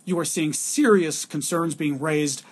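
A man's voice: fairly high pitch, a little slow, breathy edge. A man, a blog editor, speaking earnestly and emphatically in an interview. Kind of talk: interview soundbite.

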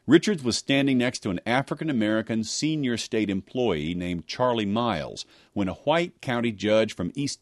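A man narrates a radio news story in a lowish, lively voice. His delivery is measured and expressive. The studio sound is close and dry. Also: dry recording. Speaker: radio reporter. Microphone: close studio mic.

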